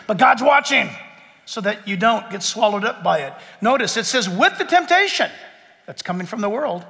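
High-pitched bright-voiced pastor preaching in a hall. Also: male voice. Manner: emphatic, rising to near-shouts then dropping low. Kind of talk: sermon. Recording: long hall reverb.

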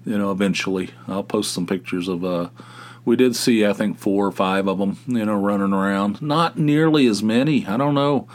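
A man's voice: lowish voice, steady tone, moderate pace. A middle-aged man hosting a podcast, rambling through a casual comic monologue with lots of restarts and exasperated asides. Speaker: podcast host.

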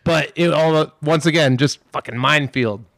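A man co-hosting a podcast, telling a profane, animated story with quick impressions of others. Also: a little high, no room sound. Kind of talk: casual storytelling chat.

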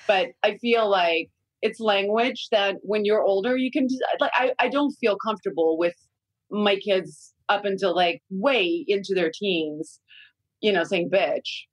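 A woman in her forties talks candidly into a studio mic, swearing freely as she spins animated parenting stories. Her voice is mid-pitched and dry, with no room echo. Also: measured pace. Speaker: guest consultant. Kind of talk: casual podcast chat.

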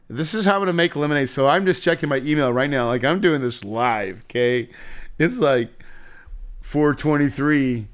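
A man's voice: mid-range voice, measured pace, smooth. A man hosting a podcast, venting and swearing in a candid monologue, laughing it off between complaints. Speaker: podcast host.

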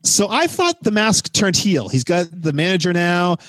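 A man hosting a movie-review podcast, walking his co-hosts through scenes and tossing in jokes. His voice sits a little high, and the close mic leaves it dry. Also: very animated, moderate pace, a bit bright, no room sound. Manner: recaps scenes playfully, cracks jokes. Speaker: podcast host.

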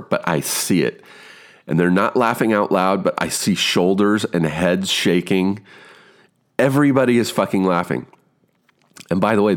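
A man in his fifties with a very low, deep voice tells a casual story. He is animated, swears freely and acts out his own stumbling lines in a lifted voice. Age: 50s. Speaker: actor telling a story.

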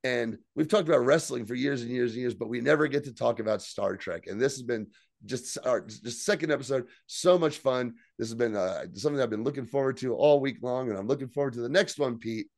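A man's voice: medium pitch, fairly quick, gravelly, dry recording, clean studio sound. A man co-hosting a casual podcast, recapping a show in a loose, profane way. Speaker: podcast co-host.

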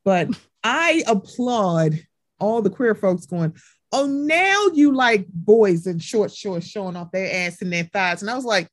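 A woman from Maryland hosting a podcast, telling stories in casual chat and acting out quotes with big jumps in pitch. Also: animated, a little slow, dry recording, studio quality. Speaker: podcast host.

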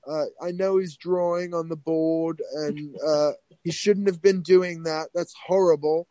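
A man's voice: a little high, fairly even intonation, unhurried, warm tone, no room sound, close to an everyday voice. A man imitating his older British grandmother, flustered and apologetic.

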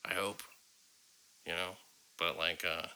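A man's voice: deep voice, little pitch movement, takes it slowly, pushed and bright, poor audio. A man hosting a podcast, talking in a rambling, profane way with many fillers. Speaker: podcast host. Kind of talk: casual podcast chat.

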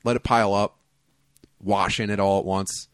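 A man's voice: lowish voice, level tone, normal speed, clean tone, no room sound, clean studio sound. A man hosting a podcast, cracking crude jokes and doing mocking impressions, swearing freely. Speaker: podcast host. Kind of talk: crude casual banter.

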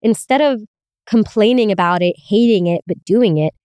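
Young woman, podcast host, casual chat, candid, swears a lot, smooth clean voice, dry close sound. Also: medium pitch, moderate pace, a little mellow, no room sound. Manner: candid, swears freely, laughs often, mock-whining asides.

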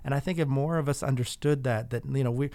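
A man's voice: medium pitch, fast talker, warm tone, no room sound. A man in casual conversation, earnestly telling stories with frequent restarts. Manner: earnest, storytelling, many restarts.

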